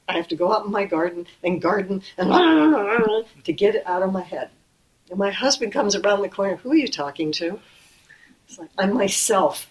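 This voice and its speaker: A middle-aged woman giving a Buddhist dharma talk in a gentle, conversational way, slowing and softening on key phrases. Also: medium pitch, rough recording. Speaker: Buddhist teacher.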